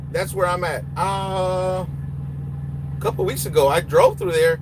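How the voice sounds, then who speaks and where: Young Honduran trucker, high voice, blunt, chatting from the cab with loud engine hum behind. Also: male voice, steady tone, slow. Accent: Honduran Spanish. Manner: blunt, switches between English and Spanish. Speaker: truck driver and trainer answering viewer questions. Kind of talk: casual live Q&A, reading chat aloud.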